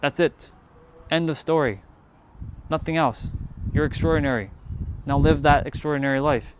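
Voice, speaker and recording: A man's voice: a little high, normal speed. Blunt, earnest man with faint hiss. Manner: earnest, blunt, swears freely, repeats for emphasis. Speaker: spiritual live streamer. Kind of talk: casual motivational monologue.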